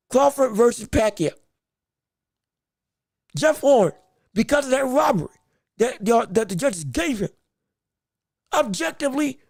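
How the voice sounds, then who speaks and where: Excitable man ranting about boxing. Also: extremely high pitch, no room sound, clean studio sound. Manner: excitable, emphatic, repeats himself when worked up. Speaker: boxing podcast host. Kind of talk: livestream sports commentary.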